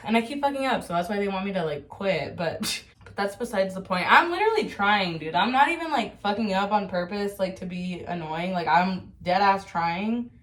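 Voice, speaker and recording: A woman's voice: mid-range voice, animated, normal speed, fairly bright tone. Slangy twenty-something woman rambling, slightly distant. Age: 20s. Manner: chatty, slangy, swears a lot. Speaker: vlogger. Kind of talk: rambling casual monologue. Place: at home while cutting her hair.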